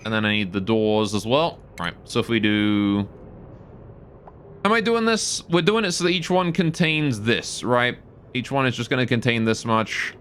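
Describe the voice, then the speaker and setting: A man's voice: medium pitch, normal speed, fairly bright tone, a little hiss or hum. A man live-streaming a game, thinking aloud about his build and answering his chat.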